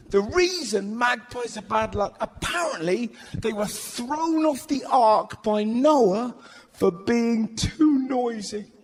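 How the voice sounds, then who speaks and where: A man performing live stand-up, animated and sweary. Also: extremely high pitch. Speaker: stand-up comedian. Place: large theatre stage. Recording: noisy live venue.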